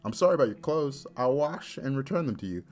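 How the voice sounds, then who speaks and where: A man voicing a calm, unbothered strong young man with a flat, deadpan delivery. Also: medium pitch, quick pace, voice pushed up, close to an everyday voice.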